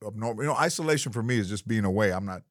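A man's voice: fairly low pitch, lively intonation, very fast, dry recording, clean studio sound. A middle-aged man, a comedian guest, telling a story in a casual chat. He rambles and restarts his sentences often.

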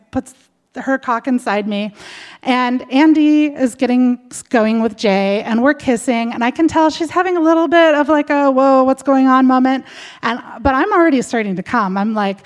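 A woman telling a personal story in a candid, chatty way, full of fillers. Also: on the high side.

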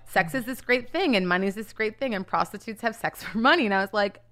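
A woman's voice: mid-range voice, expressive, fast talker, a bit bright. A woman comedian, a podcast guest, telling stories in casual chat, often laughing and acting out what her parents said. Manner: laughing, storytelling with acted-out quotes.

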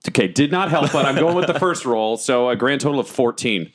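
A man playing a cleric in a tabletop role-playing game, talking in an animated, profane way and laughing often. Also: medium pitch, brisk. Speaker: player. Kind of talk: tabletop role-play in character.

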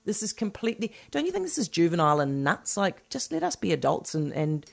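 An Australian woman hosting talk radio, chatty and opinionated in a casual way. Her voice sits fairly low for a woman. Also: big pitch swings, a little fast, vocal fry. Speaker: radio host.

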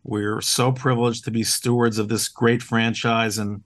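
Here a man of medium pitch talks at a normal speed with little pitch movement, interviewed casually on a podcast about being a team owner. He's upbeat and sincere, leaning on lots of "uh"s and restarts. The recording is dry and studio quality.

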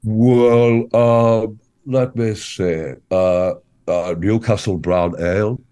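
A man playing a bumbling, earnest small-business entrepreneur in a comedy interview, speaking in halting stops and starts full of ums. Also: lowish voice, fairly even intonation, warm tone, clear, resonant tone. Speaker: interview guest.

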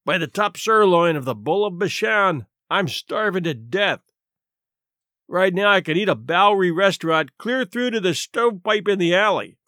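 A man doing a big, starving former police captain in a storybook, growling and huffing his complaints loud and gruff. His pitch leaps high and low as he blusters, and the sound is close and dry with no room around it. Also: animated, normal speed, no echo. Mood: grumbling. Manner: growling, grumbling, loud and huffy. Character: hungry blustering stout ex-police captain, male, middle-aged.

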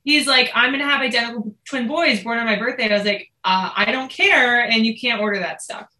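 Bright-voiced woman telling a lively story. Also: a little high, fairly quick, reverberant, rough recording. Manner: animated, quotes herself and others. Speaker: guest telling a family story. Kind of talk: casual storytelling chat.

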